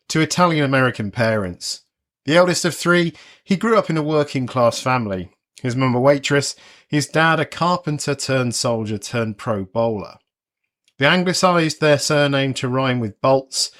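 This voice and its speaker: A man's voice: mid-range voice, a bit bright. A man in his forties hosting a music podcast, reading a scripted narration with wry, sardonic asides. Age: 40s. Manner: wry, conversational commentary with a sardonic edge.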